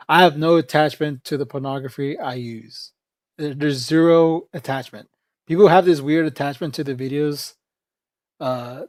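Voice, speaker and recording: A man's voice: a little high, darkish tone, no room sound. Dry-voiced man rambling on a livestream. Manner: rambling, profane, laughs often. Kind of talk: casual livestream chat.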